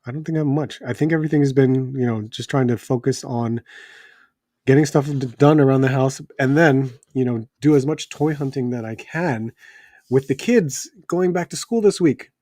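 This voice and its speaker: Guy in his 30s ranting on his toy stream, kinda fed up, warm low-key voice, dry sound. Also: moderate pace, dry recording. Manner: exasperated, rambling with restarts and fillers. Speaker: toy live stream host. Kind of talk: casual live stream rant. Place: home.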